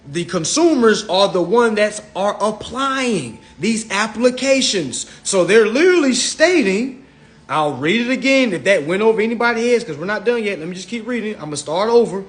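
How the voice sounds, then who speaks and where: A man giving a blunt, confrontational livestream lecture, reading law text aloud slowly and then arguing with his audience, recorded on a phone. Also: high-pitched. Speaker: livestream speaker.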